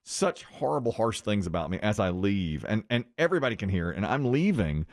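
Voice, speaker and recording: A man's voice: on the low side, brisk, dry recording. A male morning show host tells a story on himself with lots of energy. His voice swoops up and down, and he acts out the people in it. The studio sound is close and dry. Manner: animated, self-mocking storytelling with quoted voices. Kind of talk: casual storytelling chat. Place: radio studio.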